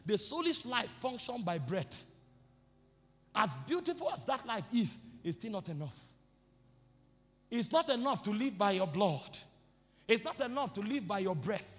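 A man preaching a fervent sermon, shouting and repeating declarations to his congregation in a church hall. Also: high voice, sing-song, measured pace, pauses often. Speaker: apostle preaching. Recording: music behind, long hall reverb.

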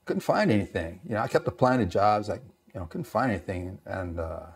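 A man's voice: on the low side, a little fast, vocal fry. A middle-aged man from East Los Angeles, a Navy veteran, telling stories in a casual way and acting out the voices of the people in them. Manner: animated, acts out quoted voices, many fillers. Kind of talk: casual storytelling.

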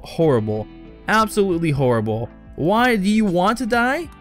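Young man, casual game commentary, exasperated scolding, swears, slightly high voice, quiet music under. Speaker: let's play gamer.

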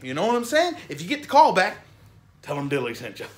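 A man from Florida hosting a music reaction vlog, talking in an excited, rambling way and dropping "man" and "you know what I mean" into nearly every sentence. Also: high-pitched, quick pace. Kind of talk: casual enthusiastic commentary.

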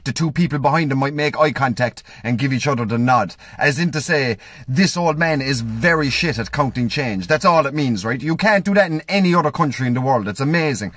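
A man's voice: mid-range voice, animated, fast, hardly any pauses, a bit bright, no room sound, studio quality. Irish man telling a comic story.

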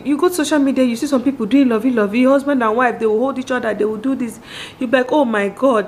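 A woman in her thirties with a Nigerian accent, giving a candid, animated monologue on marriage straight to her viewers and acting out the voices she quotes. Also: on the high side, slight background noise. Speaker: vlogger.

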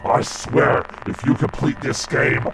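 A man voicing a menacing male skeleton villain who makes slow, drawn-out threats. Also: very noisy, lightly acted. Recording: loud game sounds and gunfire behind.

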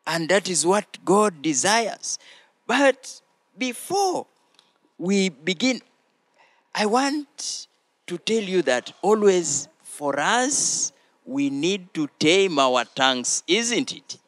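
Slow, deliberate man teaching children. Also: high-pitched, big pitch swings, fairly bright tone, dry recording. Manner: slow, deliberate, prompting listeners to repeat phrases. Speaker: children's church show host. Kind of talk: teaching children with call-and-response.

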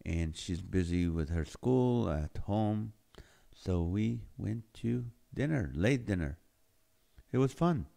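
A man's voice: fairly low pitch, expressive, slow pace, creaky, warm tone. A middle-aged man hosting a live stream, reading viewer comments aloud in casual chat and laughing often at the jokes. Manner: laughs often, jokey and playful. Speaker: live show host.

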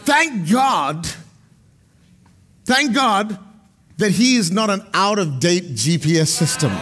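A middle-aged male pastor preaching a sermon, moving between loud proclamations and quiet, chatty storytelling. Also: lively intonation, slow, pauses often, slightly rough. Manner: dynamic preaching, swings from loud proclamations to low storytelling asides.

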